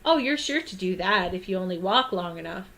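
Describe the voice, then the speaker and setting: A woman's voice: mid-range voice, animated, brisk, a bit bright. A woman voicing the Cheshire Cat, a grinning, mischievous cat who speaks in teasing riddles.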